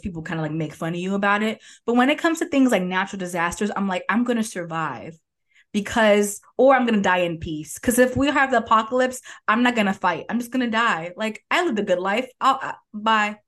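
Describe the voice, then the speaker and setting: A woman's voice: mid-range voice, quick pace, a bit bright. A young woman co-hosting a podcast in casual chat, talking in a chatty, rambling way and calling herself anxious and risk-averse. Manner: chatty and self-described anxious, rambling with restarts. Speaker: podcast co-host. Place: father's home office.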